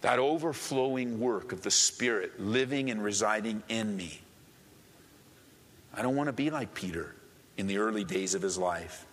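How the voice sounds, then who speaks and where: A man's voice: on the low side, moderate pace, a bit bright, long reverb tail. A man preaching a sermon with earnest, emphatic repetition. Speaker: pastor.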